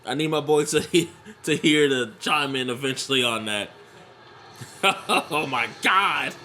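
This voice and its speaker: A young adult man giving casual reaction commentary, excitable, laughing often and swearing freely. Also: mid-range voice, normal speed, background noise. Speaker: wrestling reaction vlogger.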